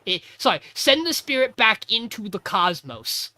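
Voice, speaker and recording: A man hosting a podcast, casually recapping an anime episode in an animated way. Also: high-pitched, moderate pace. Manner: animated, acts out character lines. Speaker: podcast host.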